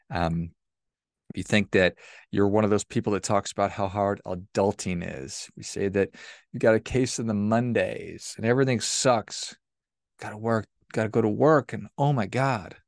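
A man's voice: lowish voice, moderate pace, gravelly, no echo, clean studio sound. A man hosting a podcast, giving a motivational monologue in a conversational, emphatic way that repeats points for stress. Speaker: podcast host.

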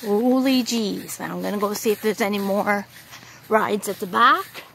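A woman vlogging outdoors at a fairground, gushing with excitement, whooping and repeating her exclamations while filming on a handheld camera. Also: mid-range voice, measured pace, gravelly, a little hiss or hum. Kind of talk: casual vlog commentary while filming.

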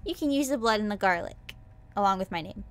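A woman streaming as a VTuber chats casually and playfully with her viewers, breaking into squeals and cutesy sound effects. Her medium-pitched voice is expressive, quick and fairly bright.

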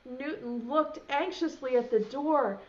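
A woman's voice: high-pitched, a little slow. A young woman who teaches preschool, reading a picture book aloud to small children and asking them questions. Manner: animated, asks children questions. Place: home, video lesson. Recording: dull lo-fi sound.

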